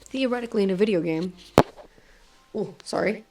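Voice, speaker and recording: A young woman livestreaming, chatting casually and excitably with chat and a friend, swearing freely and joking around. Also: mid-range voice, normal speed, background noise. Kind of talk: casual live-stream chat.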